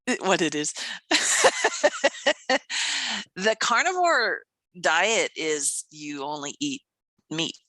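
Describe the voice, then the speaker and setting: A woman in her fifties co-hosts a podcast, chatting casually with lots of enthusiasm, laughing often and acting out the voices she quotes. Her voice sits low and moves very slowly, with frequent pauses. The recording is rough, with no room sound.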